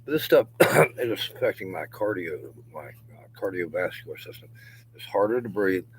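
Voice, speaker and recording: A man's voice: low-pitched, animated, moderate pace, slightly rough, rough recording. A middle-aged man talking to his camera outdoors in a yard in a rambling, profane monologue, laughing between phrases and dropping at times to a mutter or a whisper. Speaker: vlogger.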